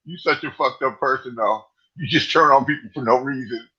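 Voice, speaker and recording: A man's voice: medium pitch, fairly quick, sharp tone, slightly rough. A middle-aged man in casual online chat, teasing and exclaiming, often repeating himself. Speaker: livestream commentator. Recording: slightly dull lo-fi stream audio.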